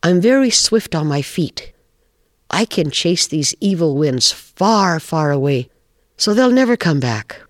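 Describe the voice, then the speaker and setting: A man voicing a swift, gentle-hearted female deer eager to help. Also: on the high side, big pitch swings, measured pace, no echo, studio quality, voice pushed up. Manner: eager and earnest.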